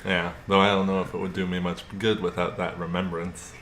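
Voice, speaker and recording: A man's voice: low voice, monotone, fairly quick, a bit bright. A man co-hosting a podcast in casual chat, laid-back and giving brief replies. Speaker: podcast co-host.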